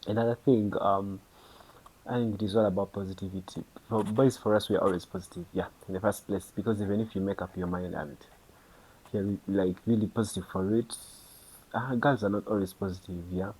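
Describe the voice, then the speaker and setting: A young Ugandan man talks casually as a podcast host, his low voice a bit husky and breathy. He rambles warmly with fillers and slips into mini dialogues between friends. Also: fairly even intonation, a little fast, rough recording. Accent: Ugandan English. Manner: chatty, many fillers, acts out dialogue. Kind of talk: casual monologue to camera.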